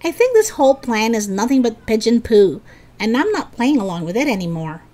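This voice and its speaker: A woman's voice: fairly high pitch, sing-song, a little fast. A woman doing a scoffing stubborn schoolboy. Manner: loud, mocking. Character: boastful skeptical schoolboy, stubborn.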